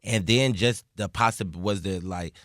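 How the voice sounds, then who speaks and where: Low voice guy askin loose slangy questions, laughs easy. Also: a little slow, a bit bright, dry recording, clean studio sound. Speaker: interview host. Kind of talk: casual interview.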